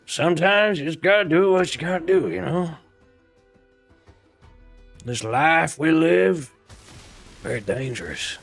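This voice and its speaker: A man doing a drawling American cowboy outlaw voice, rough and folksy, scolding a companion in a game. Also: fairly high pitch, expressive, a little slow, pauses often, fairly bright tone, soft background music, voice pushed up, exaggerated voice. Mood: brooding. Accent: American Western drawl, put on. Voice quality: drawling, rough country grammar.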